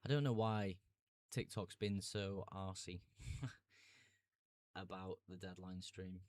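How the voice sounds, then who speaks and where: A young man chats on a live stream in a relaxed, easygoing way, reading out viewer comments and laughing as he goes. His voice sits fairly low and sounds smooth and clear. It comes across as close and dry, with no room sound. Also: slow pace, dry recording. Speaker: fantasy football streamer. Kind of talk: casual live-stream chat.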